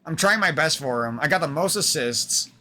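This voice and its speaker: Aggrieved young man venting, bright voice. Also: on the high side, animated, normal speed. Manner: aggrieved, rambling, heavy swearing. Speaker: streamer. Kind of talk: venting monologue on stream.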